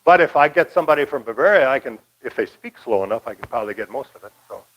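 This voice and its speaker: A man's voice: medium pitch, animated, quick pace, dull audio, a little hiss or hum. An older man from Michigan giving a casual, rambling local history talk, folksy with many fillers. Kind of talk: casual lecture.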